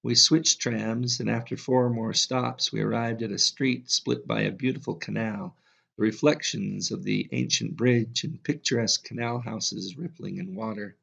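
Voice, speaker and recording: Gravelly, husky male audiobook narrator. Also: on the low side. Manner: calm, measured reading. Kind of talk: scripted narration. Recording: slightly dull lo-fi audio.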